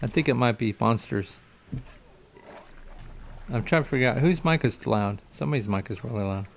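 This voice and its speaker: A man's voice: medium pitch, expressive, moderate pace, gravelly, a little hiss or hum. A man streaming a game live, chatting casually and greeting viewers by name on a desk mic. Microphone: desk mic, no headset.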